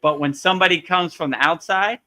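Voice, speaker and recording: A man's voice: high-pitched, fairly quick, pushed and bright. A man hosting a live spiritual Q&A, chatting casually and animatedly, acting out quotes and laughing often. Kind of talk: live Q&A chat, storytelling.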